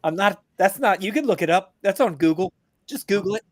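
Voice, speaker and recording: A veteran man ranting on a podcast in a blunt, joking way, his fairly high voice climbing as he gets going. He talks over a video call, and the sound is dry with no room echo. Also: animated, a little fast. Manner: blunt, joking, gets louder and higher as he rants. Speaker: veteran guest. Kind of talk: casual podcast rant.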